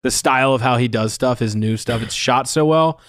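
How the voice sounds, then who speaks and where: A man hosting a casual podcast chat, teasing his guests and getting excitable. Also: medium pitch, normal speed, no room sound, clean studio sound.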